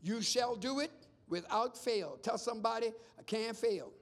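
A pastor preaching a sermon, calling out to the congregation and rising into shouts. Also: male voice, extremely high pitch, normal speed.

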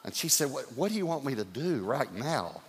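A middle-aged man preaching a sermon as pastor, telling stories in an animated, lively way. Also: mid-range voice, brisk, breathy edge. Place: church sanctuary. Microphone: stage mic. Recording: long hall reverb.

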